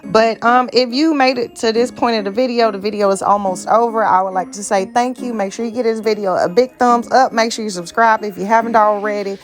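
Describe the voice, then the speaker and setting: A woman's voice: a little high, steady tone, brisk, few pauses. Chatty, profane young woman vlogger. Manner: profane, chatty, calls viewers honey and y'all. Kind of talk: casual vlog chat. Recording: background music under the voice. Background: background music.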